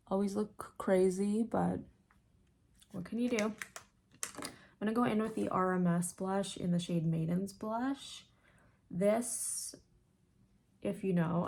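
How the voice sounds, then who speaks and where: A young woman vlogging a casual makeup tutorial with a sore throat and a slightly rough voice, chatty and full of fillers. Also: lowish voice, a little mellow. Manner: chatty, filler-heavy, slow. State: sore throat, still sick. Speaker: beauty vlogger.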